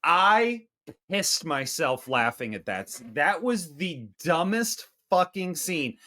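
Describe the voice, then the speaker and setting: Male co-host for a crude comedy review, high lively voice, slow drawl. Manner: crude, animated, mocking spooky voices. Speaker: podcast co-host. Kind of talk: casual comedic movie review.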